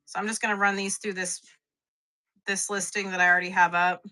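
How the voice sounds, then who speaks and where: Bright-voiced chatty woman seller. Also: medium pitch, flat delivery, a little fast. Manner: chatty, self-mocking, laughs often. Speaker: live shopping seller. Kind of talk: live-stream selling chat.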